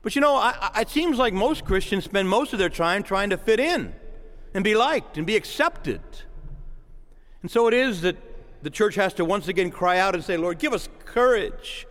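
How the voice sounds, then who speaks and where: A male pastor preaching a sermon with passion, moving from hushed prayer to excited outbursts. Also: sits high, moderate pace, big-room sound. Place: church sanctuary.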